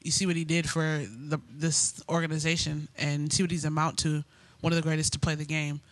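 A man's voice: a little high, little pitch movement, a little fast, no echo. Rambling man with a dry, close sound. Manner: loose and rambling, repeats himself, short reactions. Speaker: podcast co-host. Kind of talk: casual sports chat.

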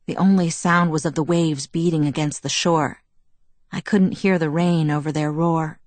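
A woman reading a novel aloud in the first person, with measured, reflective storytelling. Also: deep voice, steady tone, dry recording. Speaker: audiobook narrator.

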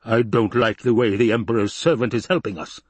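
A man's voice: on the low side, fairly even intonation, fairly quick, darkish tone, husky, dry recording. A man voicing a cruel, imperious fat baron who snaps out demands and questions. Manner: snappish and demanding.

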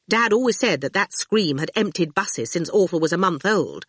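A woman narrating an audiobook in an expressive storytelling manner, close to the mic. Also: lowish voice, normal speed, husky, dry recording.

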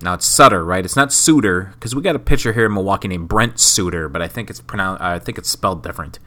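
A man in his thirties from Wisconsin talks through his solo podcast while sick. His voice sits a little low but comes across bright and forceful. He rambles, jokes at his own expense, and keeps going. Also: quick pace. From Wisconsin, USA. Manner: rambling, self-mocking, jokey. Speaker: podcast host. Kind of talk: casual solo podcast commentary.

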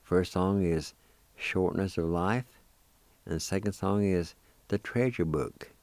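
Male radio host teaching vocabulary, low and unhurried, dark dry close-mic voice, repeats each word carefully. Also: dry recording. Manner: spells and repeats words syllable by syllable. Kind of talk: slow spelled-out word lesson.

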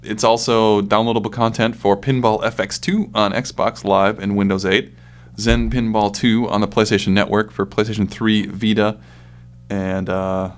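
A man's voice: on the low side, moderate pace. A man co-hosting a casual podcast, chatty and joking, reading out news between jokes. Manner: relaxed, joking, puts on silly accents. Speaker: podcast co-host. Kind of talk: casual chat.

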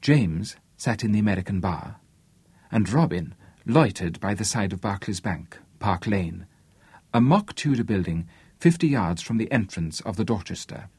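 Husky-voiced male audiobook narrator. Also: lowish voice, animated, moderate pace, a little mellow, no room sound. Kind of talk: scripted narration.

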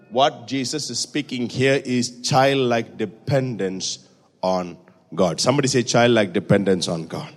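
A man preaching a sermon in a church, swinging from hushed, intimate passages to loud, high-pitched exhortation. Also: measured pace. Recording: reverberant church hall.

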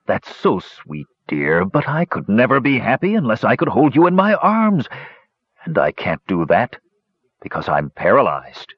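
A man's voice: on the low side, huge pitch swings, unhurried, breathy edge, no room sound, exaggerated voice. A man voicing a short-tempered, scheming brute of a swordsman who snaps at people, in a slightly muffled recording. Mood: fake sweet. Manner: snapping, then fake sweetness.

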